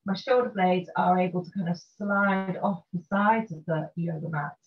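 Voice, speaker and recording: Soft-spoken woman guiding restorative yoga. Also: fairly low pitch. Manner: gentle, slow and soothing guidance. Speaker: yoga teacher. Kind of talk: guided restorative yoga instruction. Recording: dull lo-fi recording with faint noise.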